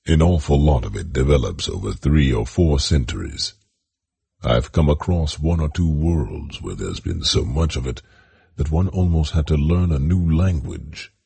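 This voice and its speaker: Matter-of-fact ship captain, deep husky voice, read by a man. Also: lively intonation, moderate pace, dark tone, exaggerated voice. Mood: explaining.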